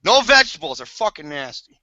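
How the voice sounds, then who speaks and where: A young man in casual chat about a movie, excitable and swearing freely. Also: on the high side, brisk. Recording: muffled lo-fi recording.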